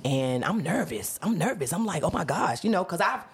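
A woman comedian telling a story in casual chat, animated, laughing and swearing freely. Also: on the low side, fairly quick, breathy edge. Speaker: comedian guest.

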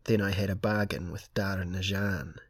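A man's voice: low-pitched, fairly even intonation, normal speed, slightly rough. A man reading aloud and voicing an enraged, sneering male theocrat in an audiobook. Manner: sneering, bitter. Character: haughty male theocrat, seething with rage.

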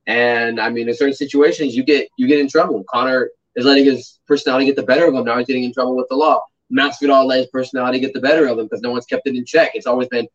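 A man's voice: mid-range voice, steady tone, very fast, few pauses, far from the mic. A man with a mid-range voice rambles through stories in a casual chat, full of fillers. He sits well back from the mic, and the sound is muffled and dull. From United States. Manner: rambling, storytelling, filler-heavy. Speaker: podcast co-host.

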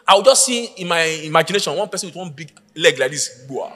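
A man preaching a sermon, telling a story with lively acted-out voices and shouting at the peaks. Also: fairly high pitch, fairly quick, hardly any pauses, in a large hall. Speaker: pastor.

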